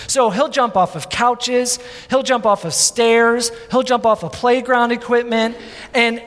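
A man in his thirties preaching a sermon as pastor, animated, with many repeats and asides. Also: extremely high pitch. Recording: long hall reverb.

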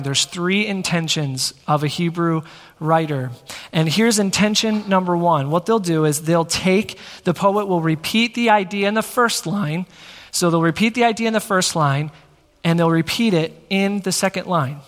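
A man preaching a teaching sermon in a church, energetic and conversational, talking straight to the congregation. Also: high voice. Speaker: pastor. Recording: long reverb of a large hall.

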